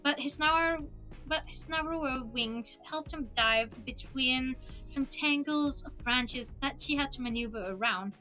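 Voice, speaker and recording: A woman with a high, bright voice reads a novel aloud on a livestream, lively and expressive. She speaks close to a desk microphone, and faint music plays softly in the background. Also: measured pace, low-quality recording. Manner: expressive reading, with laughing asides. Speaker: streamer reading a book aloud. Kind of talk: reading a novel aloud on stream.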